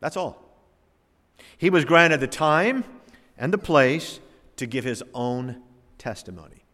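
A man preaching a sermon, reading scripture aloud and explaining it dramatically, swinging between loud emphasis and hushed asides. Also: medium pitch, expressive, slow pace. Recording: long reverb of a large hall.

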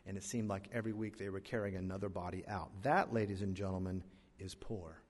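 Male pastor, emphatic sermon, loud peaks and quiet drops, long hall reverb. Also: steady tone, fairly quick. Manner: emphatic preaching, swinging between loud peaks and hushed lows.

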